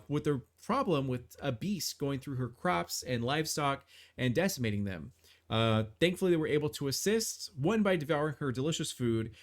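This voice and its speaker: A man narrating as game master of a tabletop game on a live stream, rambling with many fillers and restarts. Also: fairly high pitch.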